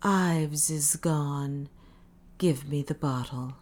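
A woman voicing a tired, frightened man who is a doctor, talking in a hushed, strained, often whispered voice. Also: low-pitched, fairly even intonation, slow. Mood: fearful.

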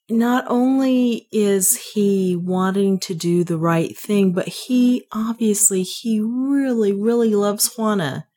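A woman's voice: mid-range voice, a little mellow. A woman reading a classic novel aloud and chatting enthusiastically about its characters. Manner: measured narration, enthusiastic chatty asides. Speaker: audiobook reader.

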